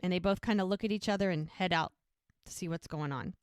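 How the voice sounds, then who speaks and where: A woman hosting a podcast, casually recapping a TV episode with animated storytelling. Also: on the low side, quick pace, smooth, dry recording, clean studio sound. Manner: animated storytelling, acting out lines in passing.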